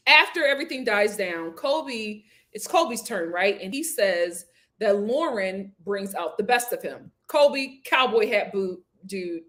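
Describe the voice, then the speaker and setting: A woman hosting a casual review show, talking straight to viewers in a candid, opinionated, animated way. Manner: animated and expressive, acts out quotes with big pitch jumps. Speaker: host reviewing a reality show. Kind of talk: casual chat.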